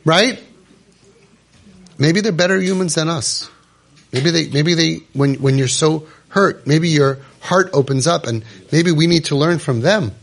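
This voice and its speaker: Guy with a slightly high voice giving a talk to a room of parents, lively, lots of "you know", acts out little voices. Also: a little slow, vocal fry. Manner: animated, acts out quoted voices, many fillers. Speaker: parent support group leader. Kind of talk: talk to a live group. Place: room with a live audience.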